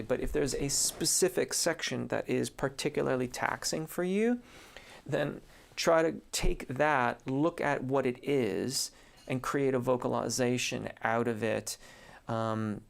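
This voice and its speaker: A man, a singing teacher, answers viewers' questions in a relaxed live stream, thinking aloud with many fillers. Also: mid-range voice, vocal fry. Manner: reads viewer comments aloud and answers them. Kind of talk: casual live-stream chat.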